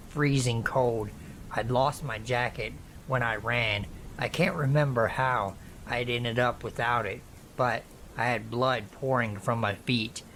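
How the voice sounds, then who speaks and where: Man, horror story narrator, very slow measured reading, faint background hiss. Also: medium pitch, a bit bright. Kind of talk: scripted narration.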